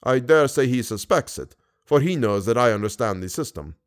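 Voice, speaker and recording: A man voicing a grave, cautious older Persian guide with a Persian accent, speaking in a low, measured, hushed way in an audiobook reading. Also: expressive, close to an everyday voice.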